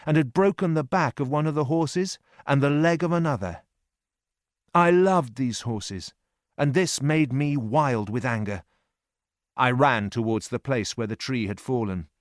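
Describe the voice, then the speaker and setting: A man reading a first-person novel aloud as an audiobook for English learners, in a steady storytelling voice. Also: mid-range voice, dry recording, studio quality. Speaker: narrator.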